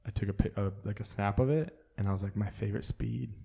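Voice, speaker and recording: A young man co-hosting a podcast in casual chat. His voice is fairly low and he tells stories with a joking edge, acting out the other people in them. The delivery is animated. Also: fast talker. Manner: animated, jokey, acts out quoted voices. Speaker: podcast co-host.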